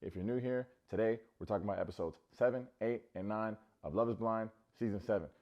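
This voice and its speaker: Joking man with a low voice. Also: quick pace, lo-fi sound. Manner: playful, sarcastic, jokey asides. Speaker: recap host. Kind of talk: comedic TV recap commentary.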